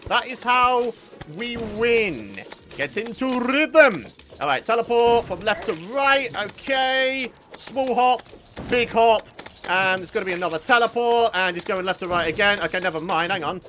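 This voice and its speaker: A man hosting a gaming video, giving excitable let's-play commentary, talking to himself and breaking into loud outbursts and laughs. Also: sits high, normal speed, a little hiss or hum.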